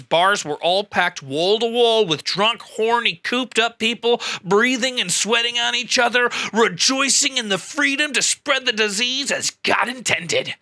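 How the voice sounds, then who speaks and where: A man hosting a satirical news show, delivering a sarcastic, mock-outraged monologue with sudden jumps up in pitch. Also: bright, forceful tone, no room sound. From US Midwest.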